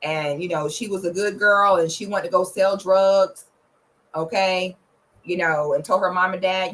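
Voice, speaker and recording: A young woman giving blunt, profane, big-sister style commentary in a casual vlog, slipping into loud playful shouting now and then. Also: fairly even intonation, moderate pace, poor audio. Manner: bursts into loud playful shouting when pitching her membership. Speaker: vlogger commenting on celebrity relationships.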